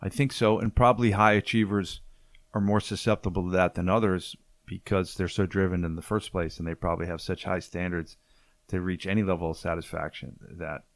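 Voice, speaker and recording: A man with a Boston accent, speaking low and unhurried in a casual podcast chat. He reflects out loud and sums up ideas, laughing easily. The sound is close and dry. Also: fairly even intonation, dry recording. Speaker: podcast host.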